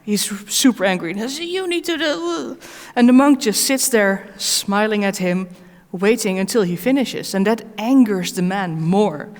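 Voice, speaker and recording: A woman's voice: mid-range voice, normal speed, hardly any pauses, darkish tone. A woman speaker and certified coach answering audience questions at a conference, talking hesitantly with many fillers and restarts. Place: conference hall. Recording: echoey conference hall.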